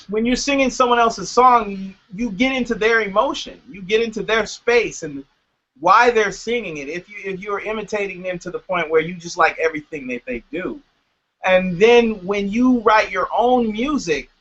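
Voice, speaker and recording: A man's voice: high-pitched, bright, forceful tone, highs cut off. A man who works as a music producer, talking casually in an interview and explaining his ideas through examples.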